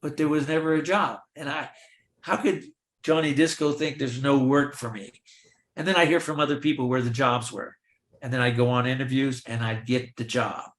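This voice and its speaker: An older man, a veteran film extra, telling lively anecdotes in a Q&A and acting out the dialogue of the people in them. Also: medium pitch, normal speed. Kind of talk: storytelling in a virtual Q&A. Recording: roomy echo.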